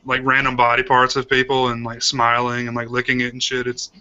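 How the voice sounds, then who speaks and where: Bright-voiced man rambling about a bad movie. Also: mid-range voice, monotone, a little fast, muffled recording. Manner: loose, rambling, lots of fillers and swearing. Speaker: commentary co-host. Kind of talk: casual movie commentary chat.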